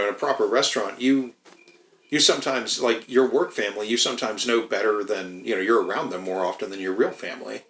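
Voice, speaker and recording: A man's voice: fairly low pitch, fairly bright tone, reverberant, low-quality recording. A man in casual podcast chat, rambling with lots of swearing and restarts. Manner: rambling, profane, many restarts.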